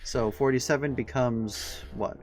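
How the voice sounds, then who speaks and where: A man's voice: medium pitch, steady tone, a little slow. A man organizing and commentating a live game tournament, with dry, wry asides.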